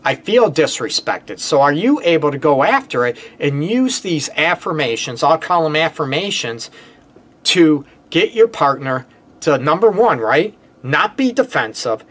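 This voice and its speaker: Energetic man counseling a live audience. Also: a little high, a little slow. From United States. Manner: energetic, repetitive, talks straight to viewers with "right?" and "okay?". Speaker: relationship counselor hosting a live show. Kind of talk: casual advice talk to a live-stream audience.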